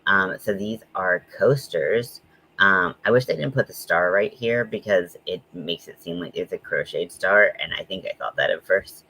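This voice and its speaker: A man hosting a casual livestream, chatting in a rambling way with frequent ums and quick asides. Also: deep voice, bright, forceful tone, slight background noise, low-quality recording. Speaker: host.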